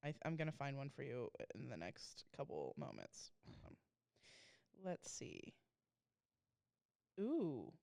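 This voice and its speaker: Woman co-host, animated, swearing, giggly, swooping pitch, dry close mic. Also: takes it slowly, creaky, pauses often, no echo. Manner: playful, profane, bursts of laughter. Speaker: podcast co-host. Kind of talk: casual chat.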